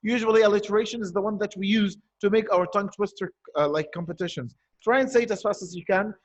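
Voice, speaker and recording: A male primary school teacher with a high-pitched voice gives an online poetry lesson at a quick pace, and the audio sounds dull. He explains step by step, asking his own questions and then answering them.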